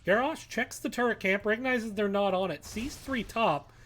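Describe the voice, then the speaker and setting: A man giving live play-by-play commentary on an esports match, calm between plays and shouting with excitement at big fights. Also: sits high, normal speed. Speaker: esports caster.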